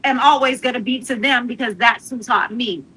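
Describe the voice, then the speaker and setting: A middle-aged woman from Missouri, telling a personal story in casual chat with earnest warmth. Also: fairly high pitch, moderate pace, breathy edge, rough recording. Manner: earnest storytelling, quotes her grandmother with warmth. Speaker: guest.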